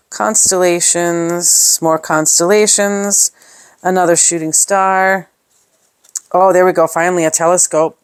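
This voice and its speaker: A woman with a low voice, recorded close and dry, chats casually through a craft-supply unboxing. She gushes over each item and thinks aloud with plenty of fillers. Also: clear, resonant tone, no room sound. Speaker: scrapbooking product reviewer. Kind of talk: casual unboxing show-and-tell.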